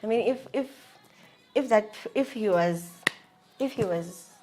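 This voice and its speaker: A young woman with a South African accent, telling a personal story in an animated, laughing, slangy way. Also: medium pitch, a little slow, background noise. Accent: South African English. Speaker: vlogger. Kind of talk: storytelling about her marriage.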